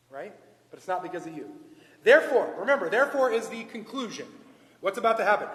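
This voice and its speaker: A man preaching a sermon in a church sanctuary, asking the congregation questions and swinging from loud emphatic points to hushed asides. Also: sits high, animated, fairly quick, long pauses. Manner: asks the congregation rhetorical questions. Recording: echoey church hall, long reverb.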